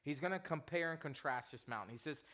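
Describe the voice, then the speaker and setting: A man preaching to students as their youth pastor, telling a comic story in an animated way and quizzing the audience. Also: a little high, quick pace.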